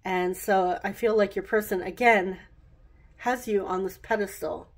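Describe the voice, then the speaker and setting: A woman's voice: mid-range voice, fairly even intonation, measured pace. A woman giving a casual pick-a-card tarot reading, chatty and rambling, often laughing at herself as she works through the cards.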